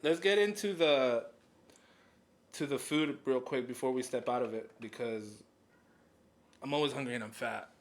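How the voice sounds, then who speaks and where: A man from California hosts a relaxed interview, joking around and swearing easily. He drops Spanish words into his English. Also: medium pitch, moderate pace, pauses often. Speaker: podcast host. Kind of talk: casual interview chat.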